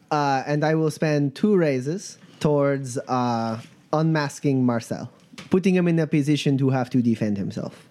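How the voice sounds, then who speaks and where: A man's voice: mid-range voice, measured pace, darkish tone. A man playing in a tabletop role-playing game, describing his actions and speaking mock-formally in character. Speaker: player.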